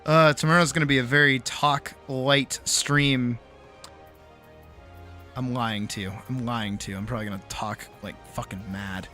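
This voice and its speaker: A man's voice: mid-range voice, fairly even intonation, moderate pace, bright, forceful tone, faint music behind. A tired man streaming late at night from home on a desk mic, chatting casually, rambling, swearing freely and mocking himself. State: tired, sore jaw. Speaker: streamer and animator.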